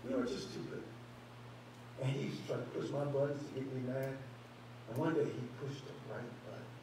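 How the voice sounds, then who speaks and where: A man's voice: mid-range voice, steady tone, fast, noisy background. Man preaching in an echoey church. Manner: preaching with rising emphasis and rhetorical questions. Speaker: pastor. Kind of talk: sermon. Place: church sanctuary. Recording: echoey church hall, distant mic.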